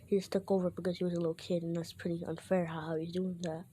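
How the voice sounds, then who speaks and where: A woman's voice: on the low side, level tone, fast talker, mellow, a little hiss or hum. A woman casually retelling a fan story, rambling and often correcting herself.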